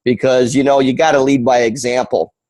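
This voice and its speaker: A man from Western New York giving an energetic, rambling sales presentation on a video call, full of fillers and asides. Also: medium pitch, a little fast, no room sound, low-quality recording. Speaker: guest presenter.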